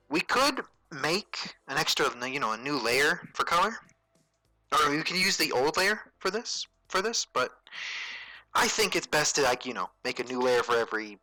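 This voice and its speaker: A man with a very bright, sharp-edged voice at an ordinary middle pitch walks viewers through a digital drawing in an easygoing livestream tutorial. He thinks aloud, dropping fillers and correcting himself as he goes. The sound is dry and close, with faint music underneath. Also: no room sound, poor audio. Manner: relaxed, chatty, thinks aloud with frequent fillers and self-corrections. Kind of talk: casual livestream tutorial, narrating while drawing.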